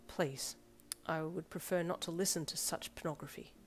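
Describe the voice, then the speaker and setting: A woman's voice: low voice, steady tone, normal speed, soft background music. A woman voicing a polite, earnest teenage boy who speaks in stiff, formal phrases in a fan fiction audiobook.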